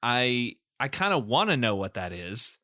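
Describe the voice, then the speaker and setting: A man's voice: mid-range voice, very animated, measured pace, pushed and bright, no room sound, clean studio sound. A man co-hosting a movie podcast in casual chat, laughing often as he recaps scenes and speculates about the plot. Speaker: podcast co-host.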